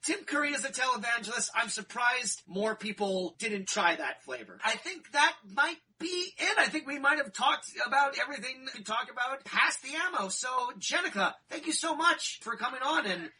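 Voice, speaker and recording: Rambling podcast host, bright and husky. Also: male voice, very high voice, lively intonation, moderate pace, hardly any pauses, far from the mic. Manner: rambling, lots of fillers, laughing. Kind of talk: casual chat.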